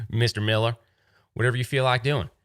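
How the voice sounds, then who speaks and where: A man's voice: mid-range voice, fairly even intonation, normal speed, fairly bright tone, clean tone, no room sound, clean studio sound, close to an everyday voice. A man voicing a laid-back rural male desert tour guide with easygoing, friendly sales patter.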